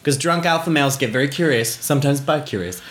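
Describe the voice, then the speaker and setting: A man's voice: medium pitch, fast talker, a bit bright. A man chatting casually and cracking wry jokes. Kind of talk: casual chat.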